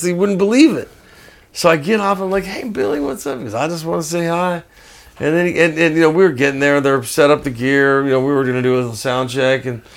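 An older man with a gravelly, fry-laden voice tells rambling, profane stories in casual conversation. He is animated and restarts his sentences often, and his pitch sits in a middle range. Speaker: guest musician. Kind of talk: casual storytelling.

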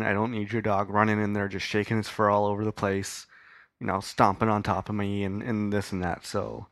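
A man's voice: fairly low pitch, fairly bright tone, no echo. A man hosting a podcast from a home studio, telling a rambling story with casual swearing. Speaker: podcast host.

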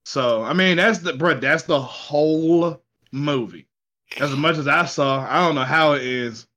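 A man in casual chat, telling a story in an animated, slangy way, swearing and laughing as he goes. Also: fairly high pitch, a little slow. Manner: slangy, says y'all and ain't.

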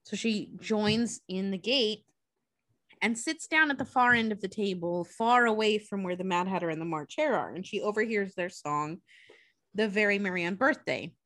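A woman's voice: mid-range voice, a bit bright, no echo. A woman casually retelling a story, breezy and profane, briefly acting out the characters' lines.

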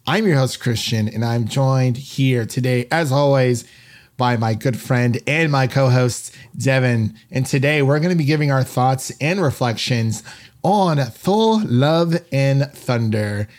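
A man hosting a casual film podcast, upbeat and chatty. He talks in a middle-pitched voice and often restarts his sentences with fillers. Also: a little slow. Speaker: podcast host.

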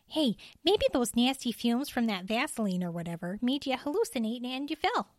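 A woman's voice: fairly high pitch, big pitch swings, normal speed, no echo, studio quality, voice pushed up. Woman voicing a wry, practical female ranger. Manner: wry, matter-of-fact. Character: practical female forest ranger, teasing but caring.

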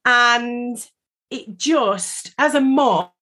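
A woman's voice: fairly high pitch, very slow, pushed and bright. A woman co-hosting a podcast, talking in a casual, rambling, emotional way, with many fillers. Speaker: podcast co-host. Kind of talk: casual chat.

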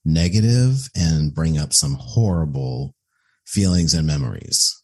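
Earnest man with a very deep, husky voice. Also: animated, a little slow, darkish tone. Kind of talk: casual conversation.

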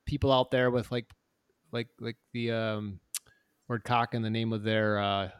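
A man's voice: lowish voice, level tone, measured pace, smooth. A man co-hosting a podcast in casual chat, laid-back and rambling with lots of fillers. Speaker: podcast co-host.

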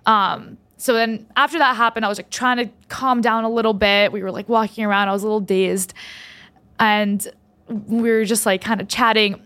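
A woman's voice: medium pitch, fairly even intonation, fairly quick, fairly bright tone, clean tone. A young woman hosting a podcast, telling a personal story in a rambling, heartfelt way with many restarts. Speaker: podcast host.

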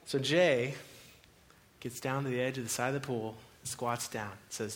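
A man preaching a sermon as pastor, telling a story with lively acted-out voices. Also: medium pitch, measured pace, pauses often, slight background noise. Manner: animated storyteller, acts out voices.

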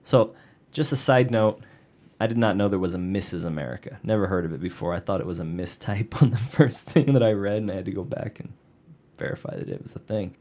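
A man's voice: fairly low pitch, a little fast, dark tone. A man co-hosting a casual podcast, reading out a story with joking asides. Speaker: podcast co-host narrating a case. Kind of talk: casual podcast chat with read narration.

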